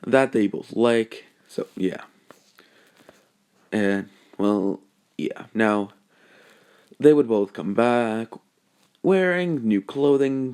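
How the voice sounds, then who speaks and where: Young man, rambling fan story narration, hesitant, self-correcting, lowish voice. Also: a little mellow.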